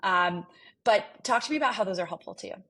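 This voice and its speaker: A woman's voice: mid-range voice, lively intonation, fast, slightly rough. A woman hosting a podcast interview, responding with affirmations and asking casual questions. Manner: warm and affirming, asks questions, many fillers like "like" and "um". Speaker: podcast host.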